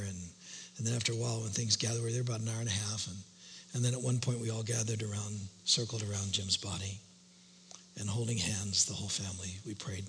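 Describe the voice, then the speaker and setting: A middle-aged male pastor telling a personal story in a sermon, shifting between loud outbursts and hushed whispers. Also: lowish voice. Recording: long hall reverb, faint hum.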